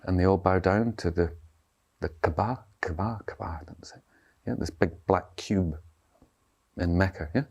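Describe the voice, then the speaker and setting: A man's voice: low-pitched, normal speed, long pauses, a little mellow, slightly rough. A man giving a dharma talk as a meditation teacher, speaking loosely and conversationally and often checking in with his listeners. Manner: conversational, checks in with tag questions.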